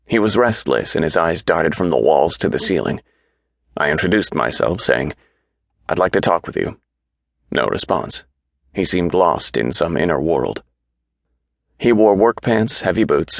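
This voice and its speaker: Deep, gravelly male audiobook narrator. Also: no echo, clean studio sound. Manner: measured, even storytelling delivery.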